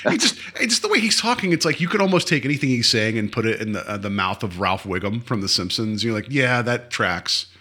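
A man co-hosts a casual podcast, retelling an episode with animated, mocking asides. His voice is bright and forceful, and he slips into goofy impressions of the characters. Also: medium pitch, fast, hardly any pauses, husky. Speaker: podcast co-host. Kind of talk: casual chat recapping an episode.

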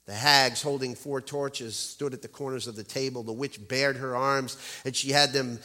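Casting: male preacher, bright forceful delivery, dramatic storyteller, long church reverb. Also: mid-range voice, steady tone, moderate pace. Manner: dramatic storytelling, vivid emphasis on key words. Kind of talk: sermon.

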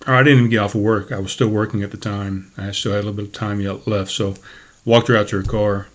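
A man's voice: fairly low pitch, fairly even intonation, fast talker. A man hosting a podcast, telling a story from his bartending job in a rambling, profane way with frequent self-corrections. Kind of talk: casual storytelling monologue.

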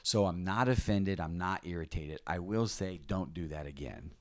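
A man voicing God as calm, patient and thick-skinned, speaking softly and with measured reassurance. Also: low-pitched, close to an everyday voice. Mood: reassuring.

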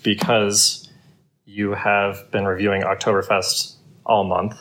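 A man's voice: on the low side, level tone, slow pace, a bit bright. A man guesting on a podcast, chatting casually and easily during a beer review.

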